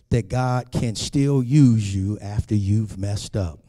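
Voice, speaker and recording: A man's voice: fairly low pitch, takes it slowly. A man preaching a sermon as pastor, his delivery rising into sing-song emphasis and falling to near whispers. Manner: preaching with big swings from soft to loud.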